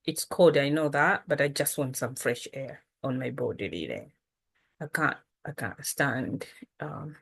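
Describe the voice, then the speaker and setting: Low-voiced woman teaching casually. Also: gravelly, slightly rough. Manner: relaxed, chatty, slow after lunch. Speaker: language teacher. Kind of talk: casual language lesson.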